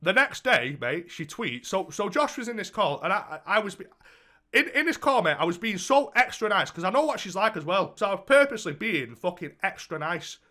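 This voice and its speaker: A man's voice: high-pitched, very animated, brisk, bright, forceful tone. A young man co-hosting a podcast, telling a story in casual chat and swearing heavily. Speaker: podcast co-host.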